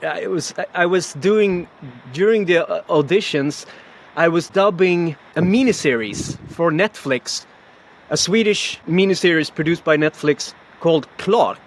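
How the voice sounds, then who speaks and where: A man in a casual video-call interview, animated and quick to laugh, stumbling through restarts as he tells a story. His voice sits a little high. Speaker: voice actor guest.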